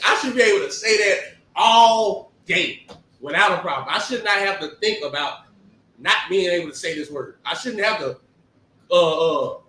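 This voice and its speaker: High-voiced man preaching in an echoey room. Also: normal speed. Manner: animated, emphatic, rhetorical questions. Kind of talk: conversational sermon. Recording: echoey room, distant mic.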